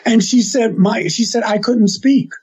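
A man recounts a story he heard, wandering back and restarting as he quotes the people in it. His voice sits high but sounds mellow and breathy. The recording is muffled and lo-fi. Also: unhurried. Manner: rambling, with restarts and quoted dialogue. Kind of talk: casual retelling of an anecdote. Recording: dull lo-fi sound.

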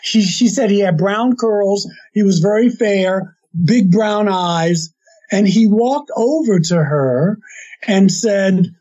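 A man recounts a story he heard, wandering back and restarting as he quotes the people in it. His voice sits high but sounds mellow and breathy. The recording is muffled and lo-fi. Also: takes it slowly. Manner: rambling, with restarts and quoted dialogue. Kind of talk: casual retelling of an anecdote. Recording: dull lo-fi sound.

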